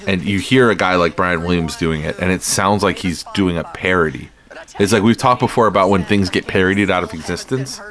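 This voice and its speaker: A male podcast host chatting casually with a slightly low voice. He rambles in a sardonic tone, swears freely and restarts his sentences often. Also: brisk, fairly bright tone. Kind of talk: casual chat.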